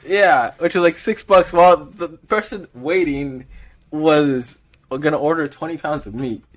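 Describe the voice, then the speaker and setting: A man's voice: fairly high pitch, unhurried. A young man chatting on a podcast, telling a work story with lots of fillers and frequent laughs. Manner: rambling storyteller, laughs often, many fillers. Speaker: podcast co-host. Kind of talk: casual podcast chat.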